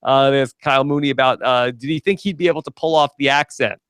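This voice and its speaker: A man's voice: medium pitch, fairly even intonation, fast talker, fairly bright tone, clean tone, dry recording, clean studio sound. A man hosting a TV recap podcast, chatting loosely with frequent fillers and restarts. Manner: loose, hesitant, full of fillers. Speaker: podcast host. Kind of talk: casual podcast chat.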